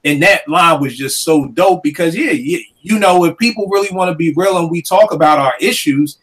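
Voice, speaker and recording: A man's voice: fairly high pitch, moderate pace, breathy edge. A man in casual chat about rap lyrics who acts out voices as he tells stories. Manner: animated, acts out voices while telling stories.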